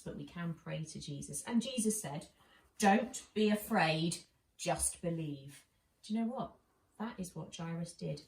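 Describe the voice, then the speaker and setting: A woman leading a children's church session, telling a Bible story with lively voices and asking the children questions. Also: lowish voice, vocal fry. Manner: animated, asks children questions, acts out lines. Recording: roomy and distant with faint noise.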